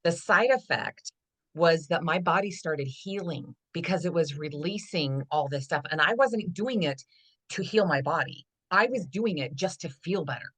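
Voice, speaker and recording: A woman guest on a podcast, a body trust coach, telling stories in a lively way and acting out what people said. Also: on the low side, moderate pace, husky. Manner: animated storytelling, acting out dialogue. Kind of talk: casual podcast conversation.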